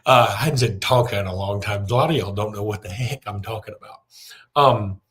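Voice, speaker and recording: A man's voice: lowish voice, fairly quick, fairly bright tone. A middle-aged man, hosting a sports podcast in a chatty, rambling way with lots of fillers. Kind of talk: casual podcast talk with a read ad.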